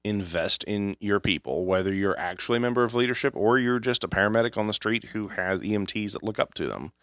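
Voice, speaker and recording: A man's voice: fairly low pitch, quick pace, fairly bright tone, dry recording, studio quality. A man co-hosting a paramedic podcast, giving blunt, preachy advice with some swearing in casual chat.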